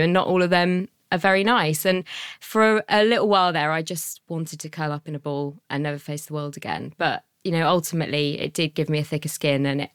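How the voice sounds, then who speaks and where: A woman's voice: low-pitched, smooth, no echo, clean studio sound. A woman in her thirties, a small business owner, talking earnestly as a podcast guest and laughing easily. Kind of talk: podcast interview.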